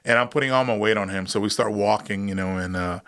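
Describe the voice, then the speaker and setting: A man in his thirties with a somewhat low voice, talking as a podcast guest. He tells his story in a loose, casual way, jumping into the voices of the people in it and laughing as he goes. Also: fast talker, clean tone. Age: 30s. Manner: animated, acts out voices in his stories, laughs often. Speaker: guest, combat veteran.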